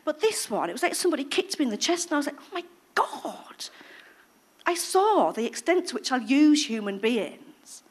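A woman sharing her recovery story in lively storytelling, acting out quoted voices and dropping to a hush at moments. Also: high voice, quick pace, hardly any pauses. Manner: animated storytelling, acting out quoted voices, swings from loud to hushed. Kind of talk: personal recovery testimony.

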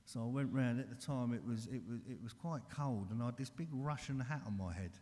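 A man's voice: mid-range voice, a little fast, mellow. A man giving an earnest, blunt recovery share, talking straight and calling everyone mate, in a large hall. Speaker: recovery speaker. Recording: long hall reverb.

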